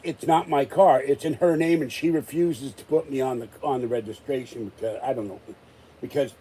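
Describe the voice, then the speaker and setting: Husky, exasperated rambling man. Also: medium pitch, normal speed, warm tone, poor audio. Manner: exasperated, rambling rant with many restarts. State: still recovering from illness. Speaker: vlogger. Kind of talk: rambling live-stream chat.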